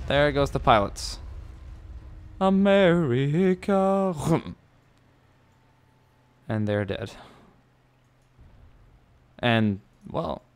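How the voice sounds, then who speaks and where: A man giving casual commentary over a war video game, excitable and swearing often, bursting into loud yelps. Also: medium pitch. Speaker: gameplay commentator.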